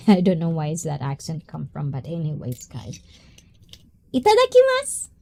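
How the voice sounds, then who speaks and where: A woman's voice: sits low, moderate pace, vocal fry, dark tone. A young woman, hosting a casual livestream chat in a bubbly, giggly way. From Japan and the Philippines. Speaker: livestream host.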